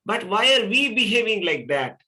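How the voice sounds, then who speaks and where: A middle-aged man gives a scripture lecture in a high, bright voice. He explains patiently and keeps asking rhetorical questions, then answers them himself. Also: sing-song, normal speed, low-quality recording. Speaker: spiritual teacher.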